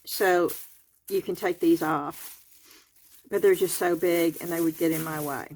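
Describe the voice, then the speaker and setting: In her home garage, a woman with a Southern US accent hosts a crafting video, reviewing a craft kit in real time in a homespun, chatty way and counting the items aloud. Her voice sits on the low side, with fairly even intonation, a measured pace and a slightly mellow tone, and there's a little background noise.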